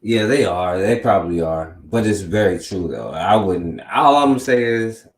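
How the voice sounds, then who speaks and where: A man with a very deep voice hosts a casual talk show, rambling loosely and tagging many of his sentences. His voice rings around an echoey room. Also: expressive, moderate pace. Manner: loose and rambling, lots of filler tags. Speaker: podcast host. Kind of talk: casual commentary.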